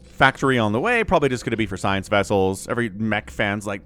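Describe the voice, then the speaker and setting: Male game shoutcaster, casual and chatty, lively up-and-down delivery, soft music underneath. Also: fairly low pitch, fast. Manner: casual, chatty, talks to viewers. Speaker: StarCraft shoutcaster. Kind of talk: solo game commentary.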